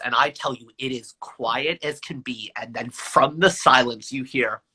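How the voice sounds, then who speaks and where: A man in his twenties, a guest telling stories in a live video chat with high energy and a playful, self-mocking manner. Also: measured pace, few pauses, sharp tone, husky.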